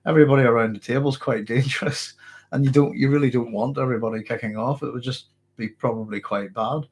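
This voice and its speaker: A middle-aged man from Northern Ireland, with a mixed Northern Irish accent, fields live chat questions casually during a livestream Q&A. His voice is medium-pitched, fairly even and breathy-edged, and he talks fast. He rambles, restarts often and chuckles a lot, his throat hoarse from a cold.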